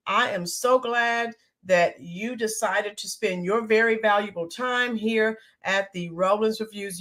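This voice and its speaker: An American woman hosting a casual livestream, greeting viewers by name with lots of filler ums, her voice a bit hoarse from yelling the day before. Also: on the high side. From United States. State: voice slightly hoarse from screaming. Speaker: livestream host. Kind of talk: casual live-stream chat.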